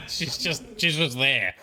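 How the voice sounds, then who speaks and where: A man's voice: fairly high pitch, animated, slow pace, pushed and bright. A young man with an Australian accent, casually commenting while playing a game, playful and chatty. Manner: chatty, playful, laughing often. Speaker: let's play host.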